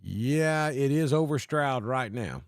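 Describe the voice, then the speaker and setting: A folksy Southern man with an Alabama drawl and a touch of mountain talk, hosting a live weather stream. He talks at an easy, middling pitch, greeting viewers by name one after another. His voice sounds dry and close to the mic. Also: animated, slow, no echo. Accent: Southern US, Alabama with north Georgia mountain mix. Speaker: weather livestream host. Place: home in northeast Georgia.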